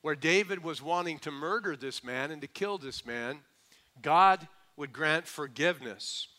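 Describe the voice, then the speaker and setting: Male pastor, fairly high and ringing voice, preaches with call-and-response and slow emphasis. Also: bright, forceful tone. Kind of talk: sermon.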